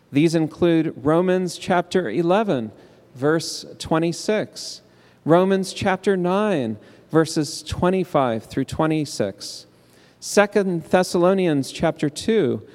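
A man's voice: a little high, a little mellow. A man presenting an academic paper as a lecture, reading steadily and turning to rhetorical questions and call-and-response with the audience. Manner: rhetorical questions with rising emphasis. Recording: long hall reverb.

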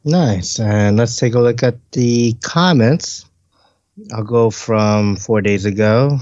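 A man's voice: lowish voice, slow pace, a little mellow, dry recording, highs cut off. A man co-hosting a casual podcast, reading listener comments aloud and laughing often. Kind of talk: casual chat.

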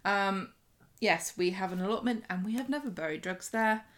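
A woman's voice: mid-range voice, normal speed, a bit bright. Dry, teasing woman. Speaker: podcast co-host. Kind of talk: casual chat.

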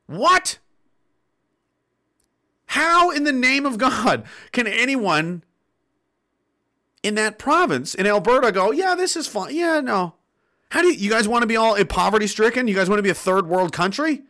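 Angry high-pitched ranting man. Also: lively intonation, measured pace, pauses often, sharp tone. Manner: angry, swearing, sarcastic mock quotes. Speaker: political commentary streamer. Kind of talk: ranting livestream commentary.

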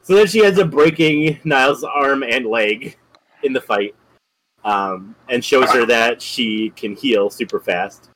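A man's voice: mid-range voice, takes it slowly, a bit bright, slight background noise, low-quality recording. A man on a podcast, casually retelling a film's scenes and laughing often as he talks. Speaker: podcast co-host. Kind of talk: casual movie discussion.

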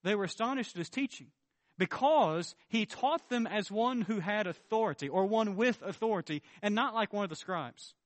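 A man preaching a sermon as pastor, emphatic, swinging between loud declarations and low, earnest tones. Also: animated, moderate pace, dry recording.

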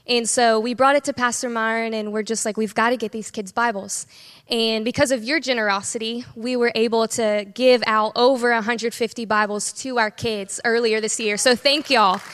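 Woman, kids ministry director, smooth voice, long church hall reverb. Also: fairly high pitch, fairly bright tone. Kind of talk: church stage sharing. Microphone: stage microphone.

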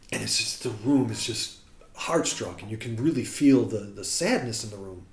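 An American man, a guest musician, tells a lively, casual anecdote and acts out the quotes. His voice is fairly low at a moderate pace, with a roomy echo and slight background noise.

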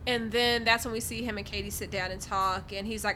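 A woman's voice: medium pitch, fairly even intonation, fairly quick, a little hiss or hum. A woman co-hosting a podcast, chatting casually and jumping in to add details and quoted asides. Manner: bright, interjecting, adds details with quoted asides. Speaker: podcast co-host. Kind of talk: casual recap chat.

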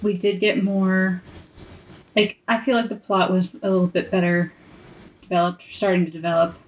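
A young adult woman co-hosting a casual book podcast, speaking in a hesitant, measured way with many fillers. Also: on the low side, little pitch movement, rough recording. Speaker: podcast co-host. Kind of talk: casual book club chat.

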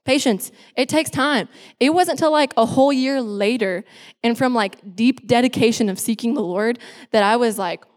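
A woman's voice: fairly high pitch, normal speed, a little mellow. A woman in her twenties, a pastor giving a personal testimony sermon on a church stage, speaking emphatically and repeating phrases for effect. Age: 20s. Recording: echoey hall with long reverb.

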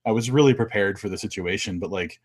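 A man's voice: on the low side, fast talker. An American man co-hosting a casual podcast, telling a travel story with many fillers and restarts. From United States. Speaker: podcast co-host.

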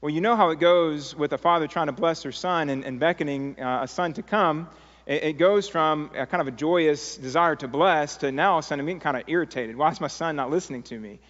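A man's voice: a little high, fairly quick, fairly bright tone. A man preaching a sermon as pastor, earnest and pleading, telling stories with many fillers. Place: church sanctuary. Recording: dull sound in a long-reverb sanctuary.

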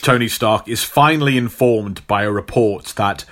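A man's voice: lowish voice, normal speed, fairly bright tone. Rambling man retelling a story. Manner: rambling, with many fillers and laughs. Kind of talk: casual chat retelling a comic story.

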